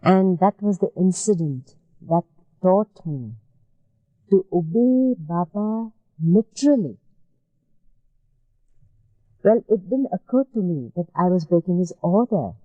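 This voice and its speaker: A woman from India, interviewed for an oral history, telling her memories in a gentle, measured way that repeats phrases. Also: fairly low pitch, animated, no room sound, phone-quality sound.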